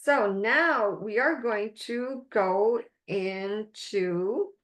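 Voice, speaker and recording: A woman life coach leading a webinar masterclass, speaking in slow, emphatic, drawn-out phrases. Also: mid-range voice, a bit bright, roomy sound.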